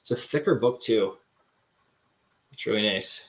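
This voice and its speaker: A man's voice: on the low side, unhurried, fairly bright tone. A man hosting a casual chat, showing off comic books and rambling with lots of fillers and restarts. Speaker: comic collector host.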